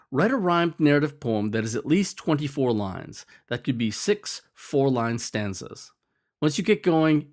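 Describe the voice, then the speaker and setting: A man narrating an educational video on poetry, explaining in a lively, conversational way. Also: medium pitch. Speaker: teacher.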